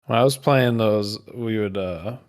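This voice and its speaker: A man's voice: fairly low pitch, a little slow, darkish tone. A man chatting on a casual podcast, easygoing and wry, often speaking in short remarks. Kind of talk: casual chat.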